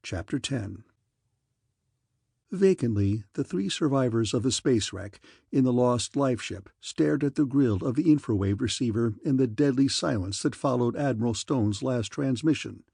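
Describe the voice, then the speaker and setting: A man reading a science fiction audiobook in an even, measured narration. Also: medium pitch, creaky, husky, no room sound, studio quality.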